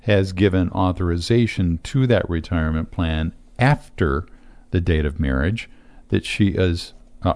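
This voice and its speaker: A middle-aged man, a financial advisor, explaining estate matters in casual talk-show chat, steady with frequent fillers. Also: low voice.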